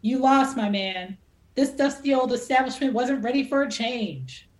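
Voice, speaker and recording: A woman's voice: on the high side, expressive, moderate pace, voice pushed up, natural voice. A woman voicing a pompous, well-connected man giving a grandstanding, chummy toast. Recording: echoey room.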